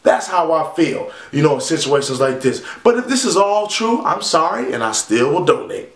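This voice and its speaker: A man vlogging a profane, rambling rant to camera, talking in a loud, animated way and swearing constantly. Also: on the high side, a little fast. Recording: echoey room.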